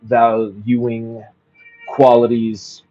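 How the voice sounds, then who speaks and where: A man's voice: mid-range voice, level tone, warm tone, lo-fi sound, faint music behind. A man reading a bedtime story aloud, breaking off now and then to muse casually on it. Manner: reads slowly, breaks off into musing casual commentary.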